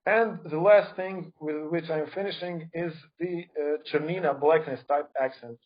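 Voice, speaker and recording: A man's voice: on the high side, fairly even intonation, normal speed, dull audio. A man giving an academic conference talk, criticizing another scholar's claims in an emphatic, argumentative way over a remote video call. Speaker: conference speaker.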